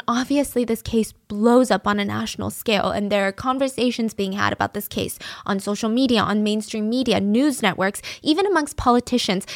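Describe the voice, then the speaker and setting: A woman's voice: a little high, no echo, studio quality. Indignant woman telling a true-crime story. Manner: indignant, animated retelling with fillers.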